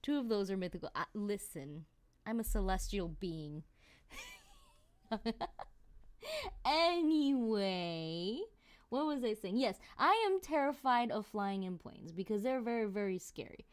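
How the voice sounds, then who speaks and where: A woman streamer chatting casually with her viewers, telling stories in an animated, exclamatory way. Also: mid-range voice, unhurried, long pauses.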